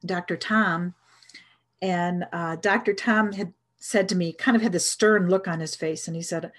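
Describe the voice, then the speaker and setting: A woman's voice: lowish voice, steady tone, normal speed. A middle-aged woman telling a personal story in an earnest, reflective way, with hesitant restarts. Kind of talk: storytelling talk.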